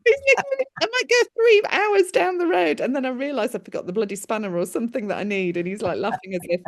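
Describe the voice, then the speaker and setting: A woman working as a medium, giving a lively reading over a video call, laughing often and calling people "my darling". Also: medium pitch, fast. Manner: animated, laughs often, relays spirit messages with warm endearments.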